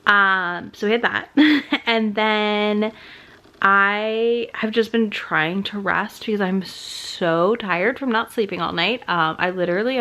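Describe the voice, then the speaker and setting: A woman's voice: medium pitch, pushed and bright. A woman chatting casually and candidly to camera as a book vlogger. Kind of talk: casual vlog chat.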